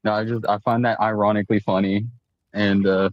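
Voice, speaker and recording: A man chatting casually as a co-host, relaxed and joking, with casual swearing. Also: on the low side, fairly quick, no echo. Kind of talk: casual chat. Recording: dull dry sound.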